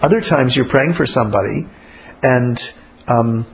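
Man, mid-pitched voice, blunt, colloquial, prayer teaching, faint background noise. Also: unhurried, vocal fry, rough recording. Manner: blunt, colloquial, acts out little spoken exchanges.

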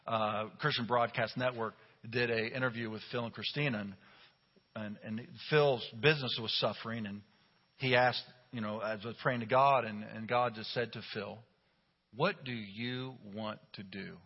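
A middle-aged man, a pastor, delivering a sermon with humorous, animated storytelling. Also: mid-range voice, normal speed. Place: church sanctuary. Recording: dull recording with long hall reverb.

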